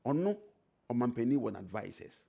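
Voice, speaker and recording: A man's voice: mid-range voice, big pitch swings, unhurried, gravelly, warm tone, breathy edge. A middle-aged man with a Ghanaian accent, a former MP speaking as a talk show guest, switching between English and Twi and repeating key phrases for emphasis. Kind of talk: animated political talk show debate, mixing English and Twi.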